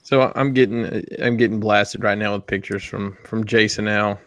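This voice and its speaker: A man's voice: on the low side, steady tone, moderate pace, fairly bright tone, no echo. A man co-hosting a collectors' podcast, laid-back and hesitant in casual chat. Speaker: podcast co-host.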